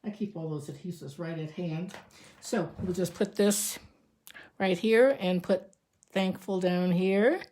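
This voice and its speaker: A woman's voice: on the low side, a little slow, dark tone, roomy sound. A woman showing a craft step by step in a casual tutorial, chatting and thinking aloud as she works. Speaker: crafting demonstrator.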